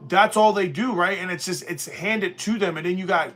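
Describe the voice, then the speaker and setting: A man's voice: sits high, moderate pace, a bit bright, soft background music. A man hosting a live stream, ranting bluntly and profanely in a rambling, casual way.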